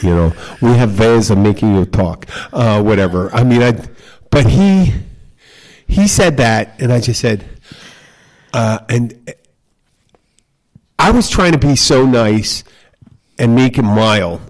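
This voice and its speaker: A man's voice: mid-range voice, big pitch swings, slow pace, long pauses. A man hosting a podcast, casually telling a rambling, profane story about working in a bar. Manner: profane, rambling anecdotes with acted quotes. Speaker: podcast host, bartender.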